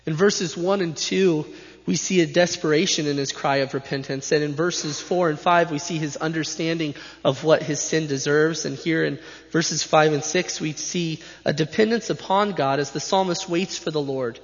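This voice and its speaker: A man preaches from the pulpit in an emphatic, repeating cadence. His voice sits a little high, and the recording is muffled and dull, with reverb hanging in a large sanctuary. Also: fairly even intonation, normal speed. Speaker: pastor. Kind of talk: sermon. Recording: dull sound with long hall reverb.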